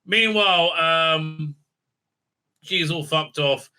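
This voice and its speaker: A man hosting a scathing review of a TV episode, talking in a bright, sharp voice pitched a little high. His delivery is sarcastic and profane, peppered with "uh, uh" fillers, and his pitch swings up for mocking asides. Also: slow, clear, resonant tone. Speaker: show host reviewing a TV episode. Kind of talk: ranting recap and review.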